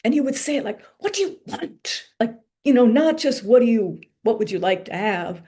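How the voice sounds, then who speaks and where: A woman author giving a reflective spiritual lecture, speaking in a slow, meditative way with pauses and soft asides. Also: a little high, lively intonation, breathy edge.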